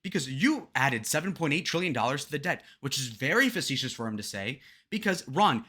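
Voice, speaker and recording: Bright, lively, profane young man ranting. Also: on the high side, breathy edge. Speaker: political commentary host. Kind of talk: reaction commentary on debate clips.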